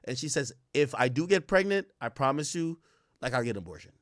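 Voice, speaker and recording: A man's voice: mid-range voice, big pitch swings, brisk, a bit bright, no echo, clean studio sound. A young man hosting a podcast, telling a long personal story in casual, profane talk and quoting others in his own voice. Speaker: podcast host.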